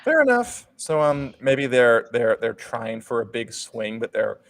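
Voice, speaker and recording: A man's voice: mid-range voice, very animated, measured pace, gravelly. A man co-hosting a podcast in casual chat, with a dry, teasing manner. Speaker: podcast co-host.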